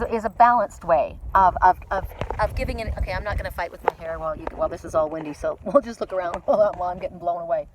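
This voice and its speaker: A woman's voice: mid-range voice, darkish tone. A woman in her fifties doing a casual oracle card reading outdoors in a windy mountain forest, chatty and rambling with frequent repeats. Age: 50s.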